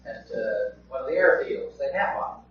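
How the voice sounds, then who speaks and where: A man's voice: mid-range voice, expressive, normal speed. A man in the audience asking a hesitant question, full of fillers and restarts. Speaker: audience member. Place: meeting hall. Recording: echoey hall, dull 1950s tape, crowd behind.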